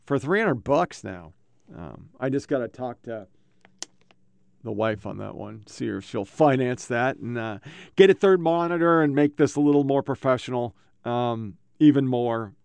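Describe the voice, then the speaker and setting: A man's voice: medium pitch, a little mellow, smooth, dry recording. A man hosting his own podcast, telling rambling, profane stories to his own microphone at a home computer setup. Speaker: podcast host. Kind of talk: casual rambling monologue.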